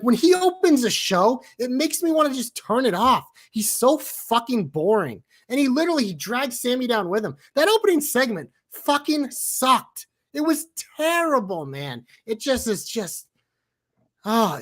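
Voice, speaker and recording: A man's voice: high-pitched, very animated, normal speed, fairly bright tone. A man co-hosting a casual wrestling podcast, ranting heatedly with lots of swearing. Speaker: podcast co-host.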